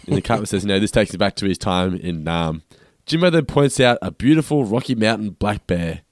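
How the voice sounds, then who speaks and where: A man co-hosting a podcast, recapping scenes in steady, low-key casual chat. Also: brisk, no room sound, studio quality. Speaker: podcast co-host.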